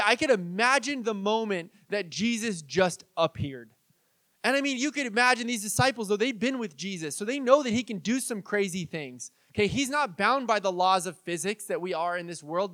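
A man's voice: high-pitched, a bit bright, dry recording. A man in his thirties preaching a conversational sermon, telling stories and acting out quoted voices. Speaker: pastor.

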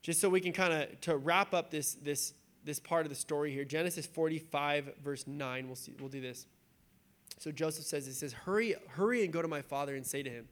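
A man with a notably high voice gives a sermon in a church. He reads scripture aloud, then talks it through loosely and conversationally, full of "like" and "right?". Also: fairly quick, fairly bright tone. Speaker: preacher.

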